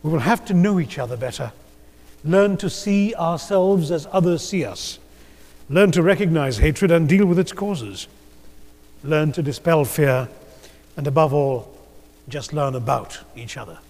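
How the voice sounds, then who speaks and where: A man from India giving a measured, rhetorical conference speech with gentle humor in a large auditorium. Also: fairly high pitch, expressive. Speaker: keynote speaker. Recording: long hall reverb.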